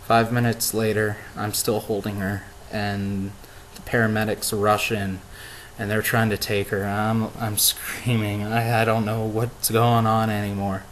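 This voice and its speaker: A young man vlogging, telling a story emotionally with halting restarts and repeated words. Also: fairly low pitch, level tone, a little hiss or hum, poor audio. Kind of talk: casual vlog monologue.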